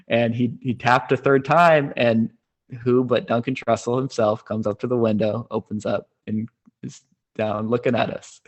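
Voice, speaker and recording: A man's voice: medium pitch, fairly even intonation, normal speed. A man in his thirties, a podcast host, telling a personal story in a rambling, casual way with many fillers and restarts. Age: 30s.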